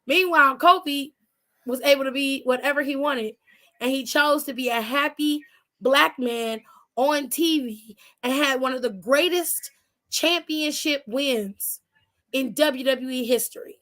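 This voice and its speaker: A woman's voice: high-pitched, unhurried, bright, forceful tone. A woman co-hosting a casual wrestling aftershow, sassy and profane, firing off teasing rhetorical questions. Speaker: co-host.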